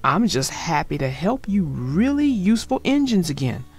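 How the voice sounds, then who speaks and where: A woman voicing a sly, grumbling male diesel engine in a storybook, with a low purring manner. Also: big pitch swings, moderate pace, darkish tone, breathy edge, faint music behind, heavily acted. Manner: low purring voice, growls when angry.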